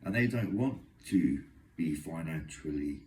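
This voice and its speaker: Deep-voiced Englishman, aggrieved and rambling. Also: lively intonation, measured pace, dark tone, recorded from a distance, a little hiss or hum. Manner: aggrieved, agitated, run-on storytelling. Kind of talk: rambling monologue to camera. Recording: echoey room, voice away from mic.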